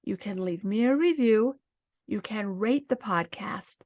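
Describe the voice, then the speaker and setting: In a dry recording, a podcast host with a medium-pitched voice calmly walks listeners through self-help exercises. Her delivery is slow, gentle, and encouraging.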